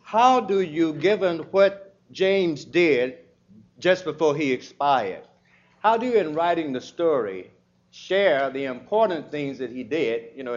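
A man from Mississippi asks a long question from the audience, eager and rambling. His voice sits fairly high, and the sound is dull and lo-fi. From Mississippi, USA. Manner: eager, rambling, name-dropping. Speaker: audience member asking a question. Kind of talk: audience question at a public talk. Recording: dull lo-fi event recording.

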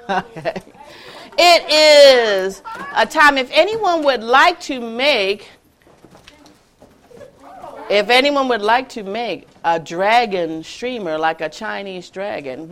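A woman telling a children's story at an event with tables, lively and singsong, breaking into little tunes. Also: fairly high pitch.

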